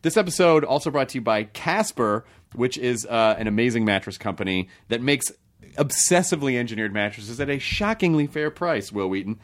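Man, podcast host, mid pitch, jokey, swearing, casual banter, ad reads. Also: expressive. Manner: jokey, swearing, quick riffing asides.

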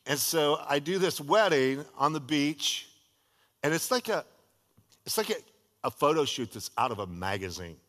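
A man's voice: a little high, normal speed, in a large hall. A middle-aged male pastor preaching a sermon, telling a personal story in a casual, conversational way. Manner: casual, conversational storyteller with lively retold dialogue. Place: church sanctuary.

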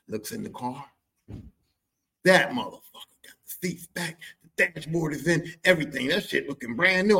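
A man telling a story about his father on his podcast in a casual, profane, animated way. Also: fairly high pitch, normal speed, vocal fry, breathy edge. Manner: animated, profane, jumps into quoted voices. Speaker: podcast host.

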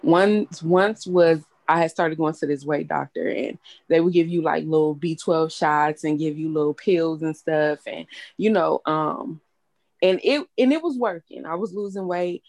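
Low-voiced woman, blunt and candid. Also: unhurried, a little mellow, no echo. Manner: candid, blunt, swears freely. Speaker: host. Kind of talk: casual podcast chat.

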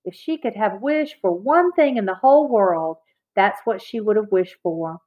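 A woman narrating a children's chapter book aloud in a clear, expressive read-aloud manner. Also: medium pitch, moderate pace. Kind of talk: children's audiobook reading. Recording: slightly dull, lo-fi recording.

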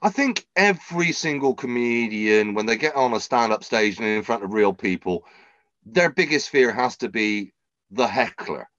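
A man hosting a casual comedy podcast, animated and swearing freely as he tells stories and gives advice. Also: medium pitch, normal speed, no echo, muffled recording. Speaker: podcast host.

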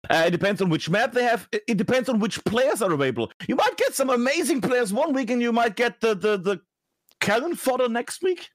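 A man's voice: very high voice, sing-song, a little fast, dry recording. A man who is a guest on a podcast, chatting casually, breaking off and restarting his sentences and swearing now and then. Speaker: guest, competitive game broadcaster.

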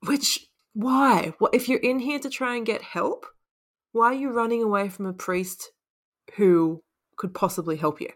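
A woman's voice: a little high, unhurried. A woman chatting casually about a book, laughing often and acting out the characters' lines. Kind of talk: casual chat retelling a book.

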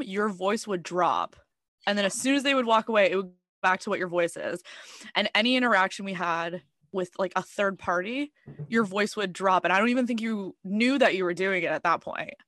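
A host leads a casual chat, firing off strings of questions. The voice is bright and edged. The recording is dry and close. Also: medium pitch, moderate pace, dry recording. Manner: asks strings of questions, animated. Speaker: podcast host.

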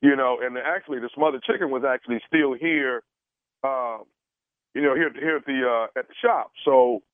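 A man's voice: mid-range voice, normal speed, no room sound. A man making a prank phone call as a radio host, hesitant and stalling with lots of fillers. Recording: tinny phone line.

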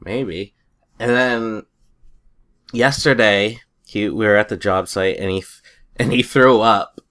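Man, low voice, slow unhurried talk, rambling stories, chuckles a lot. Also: a bit bright. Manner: rambling storyteller, chuckles often. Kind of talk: casual chat.

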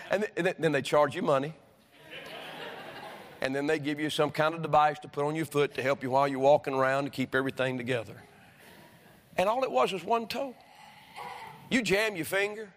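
A pastor delivers a sermon in a church, building from folksy stories into passionate preaching. He talks at a normal speed in a somewhat high voice, pausing often, and the hall's reverb lingers long.

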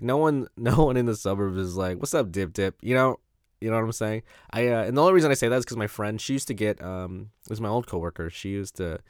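A man hosting a casual solo podcast, rambling and profane as he laughs often. His voice sits low and sounds dry and close to the mic. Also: no room sound. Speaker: podcast host.

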